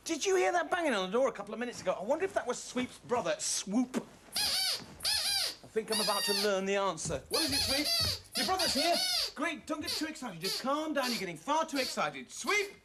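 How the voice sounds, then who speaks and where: A woman presenting a children's puppet show, playful and excitable as she talks to puppets. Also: a little high, a little fast, heavy background noise.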